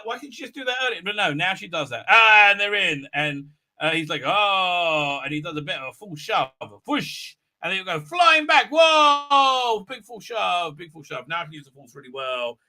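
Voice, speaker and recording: A man with a high voice hosts a livestream and recaps a show in a loose, rambling rant. His tone is very bright and sharp. He mocks what he describes, stumbles through fillers and spits out blaster noises as he goes. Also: fast. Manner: rambling, mocking, many filler sounds; spits out sound effects while recapping. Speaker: livestream host. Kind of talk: casual ranting show recap.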